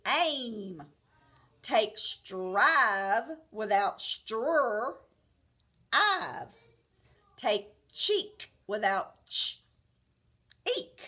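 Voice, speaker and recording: A woman teaching a phonics lesson to young children, slowly modeling sounds and words and giving encouraging praise. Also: on the high side, fairly bright tone. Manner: clear, encouraging, drawn-out word modeling with praise.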